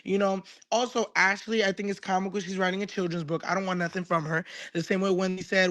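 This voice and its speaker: Fast, high-voiced man caller. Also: fairly even intonation, a bit bright. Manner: blunt, emphatic. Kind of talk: call-in opinion.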